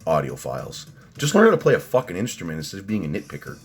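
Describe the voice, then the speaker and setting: A man's voice: fairly low pitch, very animated, quick pace, slightly rough. A man in his thirties ranting sarcastically in a casual vlog, swearing often. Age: 30s. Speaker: vlogger.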